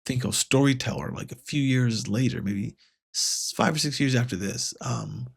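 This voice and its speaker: A man's voice: mid-range voice, moderate pace, gravelly, breathy edge. A man casually reviewing a comic book, rambling with many fillers and restarts and paraphrasing the dialogue. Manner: paraphrases dialogue in a lightly raised voice. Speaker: comics podcast host.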